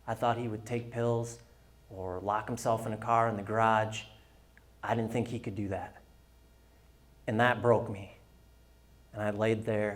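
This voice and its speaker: Man, candid personal story, speaking talk, quiet retold dialogue, middle pitch. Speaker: guest speaker.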